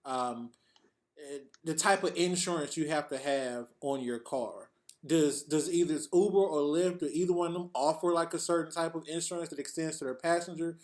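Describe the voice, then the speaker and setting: A man's voice: fairly high pitch, normal speed. A man hosting a casual roundtable with rideshare drivers, asking loose, easygoing questions. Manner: relaxed questioning, laughs easily. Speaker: podcast host.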